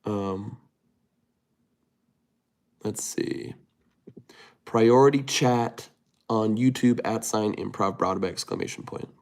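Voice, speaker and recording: A man's voice: on the low side, slow, creaky, pauses often, a little mellow. A man hosting a casual livestream, reading viewer comments aloud and muttering to himself while he types. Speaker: livestream host.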